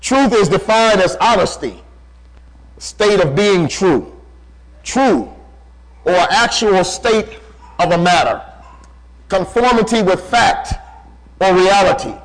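A male preacher with a strikingly high-pitched voice delivers a sermon. He hammers home key phrases through repetition and slows down, dropping lower, when he quotes scripture. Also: lively intonation, low-quality recording. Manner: emphatic, repeating key phrases.

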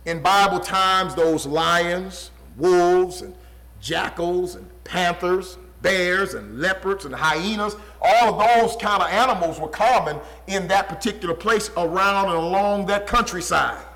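A pastor preaching a sermon with an emphatic, repetitive cadence, often dropping low and quiet for stress. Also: male voice, unhurried, rough recording.

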